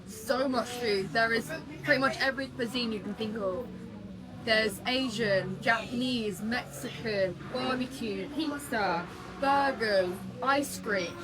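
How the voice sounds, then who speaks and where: Slow-talking British woman. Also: on the high side, background noise. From Britain. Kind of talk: casual vlog chat.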